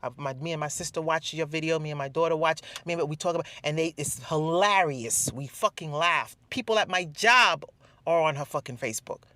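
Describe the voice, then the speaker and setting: A woman's voice: deep voice, a little fast, fairly bright tone, dry recording. Woman vlogger, dry close sound, swears freely, mocks and laughs through a casual rant. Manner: profane, mocking, laughing.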